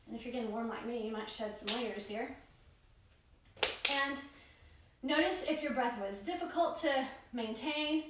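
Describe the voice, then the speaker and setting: A woman yoga instructor giving steady spoken cues for each pose and breath in a guided class. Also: fairly high pitch. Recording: very echoey room, voice far from mic.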